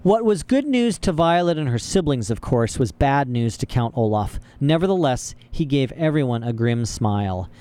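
A man's voice: medium pitch, very animated, moderate pace, hardly any pauses, warm tone, clean tone. A man reading a storybook aloud as narrator, with dry, wry asides. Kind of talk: audiobook narration.

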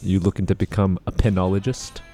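A man's voice: low-pitched, steady tone, a little fast, warm tone, faint music behind, voice pushed down, lightly acted. A man reading the part of a hardened male career criminal in an amateur script read, clipped and defiant.

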